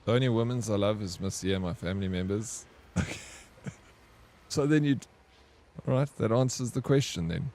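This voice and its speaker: A man's voice: lowish voice, normal speed, pauses often, a little mellow. A man streaming a game who reads out viewer messages and answers them in playful, teasing banter. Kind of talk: livestream chat with viewers.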